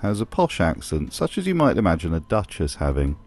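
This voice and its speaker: A man's voice: deep voice, huge pitch swings, fairly quick, a little mellow. Dry-humoured man narrating. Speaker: video narrator. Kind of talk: scripted narration.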